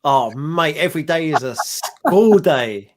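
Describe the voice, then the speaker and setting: A man's voice: a little high, expressive, a little slow, noisy background. A man co-hosting a podcast, making dry, teasing quips and swearing casually. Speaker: podcast co-host. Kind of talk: casual banter.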